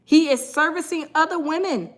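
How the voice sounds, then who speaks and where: A woman hosting a casual livestream, sassy and animated, reading comments from the chat. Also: sits high, normal speed. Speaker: livestream host.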